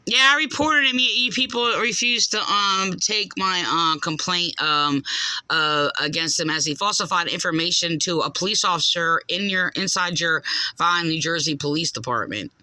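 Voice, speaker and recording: A woman's voice: on the low side, moderate pace, bright, forceful tone, dry recording, poor audio. Southern woman caller, accusatory, rambling, for a complaint-call scene. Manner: rambling, accusatory, with hesitant fillers. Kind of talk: phone call.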